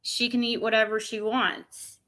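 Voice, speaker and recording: A woman's voice: fairly high pitch, little pitch movement, a little slow, pushed and bright. A woman streamer chatting casually to her viewers, rambling, with many restarts. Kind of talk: casual chat.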